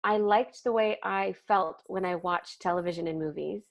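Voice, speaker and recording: A woman in her thirties, a comic actor and podcast guest, telling candid stories in an animated way and swearing casually. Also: mid-range voice, moderate pace, creaky. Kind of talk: casual interview chat.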